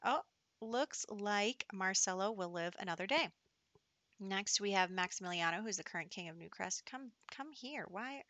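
Bright, chatty woman narrating gameplay. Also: mid-range voice, lively intonation, moderate pace, dry recording. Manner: chatty, giggly, drops into whispered asides. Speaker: gameplay commentator. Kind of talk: casual game commentary.

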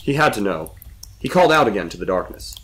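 A man's voice: fairly low pitch, sing-song, fast, a bit bright. Man narrating a suspenseful story.

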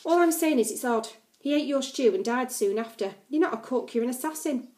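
A woman's voice: high voice, animated, fairly quick, a little mellow. A woman voicing a cheeky young boy who trades mocking insults.

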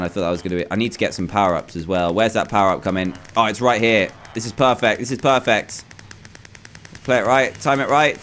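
A young man commentating live on his own gameplay, excitable and quick to exclaim, often repeating himself. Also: mid-range voice. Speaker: gaming YouTuber.

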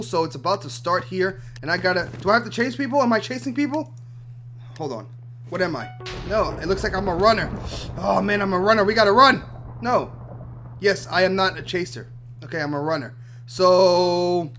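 A young man hosting a gaming channel, giving excited commentary over his play, swinging between loud outbursts and quiet mumbled asides. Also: high-pitched, slight background noise.

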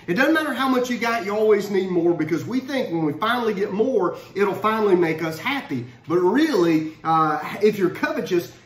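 A man giving a casual Bible study talk, conversational and animated, often restarting his phrases. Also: sits high. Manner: conversational, repeats words when restarting, animated. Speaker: Bible teacher. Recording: roomy echo.

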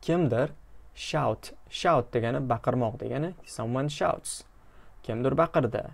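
A man from Uzbekistan teaching English by reading a short story phrase by phrase, repeating each phrase slowly and explaining it with hesitant pauses. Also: mid-range voice, creaky, darkish tone. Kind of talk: translating a story line by line.

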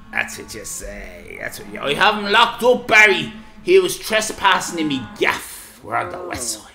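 Irish man, teasing streamer patter, bouncy animated delivery, sharp tone, roomy echo, faint music behind. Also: fairly high pitch, moderate pace, gravelly. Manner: joking, rambling, teasing patter in local slang. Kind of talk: casual banter on a live stream.

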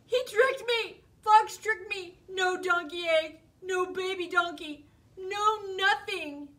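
A woman voicing an excitable, gullible, big-hearted storybook bear who shouts his lines. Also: very high-pitched, unhurried, pitched above the performer's own voice, heavily acted. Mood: excited. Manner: shouting, exclaiming.

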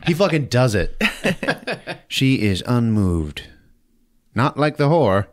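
A podcast host with a mid-range voice and slow pace recaps a movie comically. He swears, laughs, and tells the story with plenty of animation.

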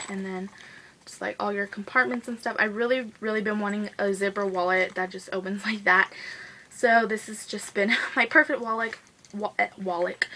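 A young woman talks through her monthly favorites with a bright, crisp tone. She gushes and rushes, leaning on "like" and "guys" in a loose, casual vlog style. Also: medium pitch, a little hiss or hum, low-quality recording. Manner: gushing, fast-talking, says "like" and "guys" a lot. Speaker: beauty vlogger.

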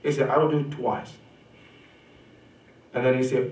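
A man's voice: little pitch movement, normal speed, a little mellow. Emphatic preacher man in an echoey hall. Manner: emphatic, rising sharply on key points and dropping low on quotations; repeats rhetorical "right?" to the congregation. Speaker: sheikh giving a religious lecture. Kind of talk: sermon. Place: mosque or community center hall. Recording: echoey hall, mic from a distance.

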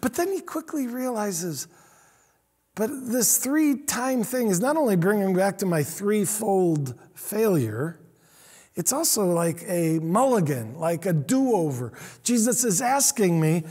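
A man preaching a sermon as pastor, earnest, repeating himself and swinging between loud and hushed lines. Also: high voice, lively intonation, measured pace, slightly rough, big-room sound. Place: church sanctuary.

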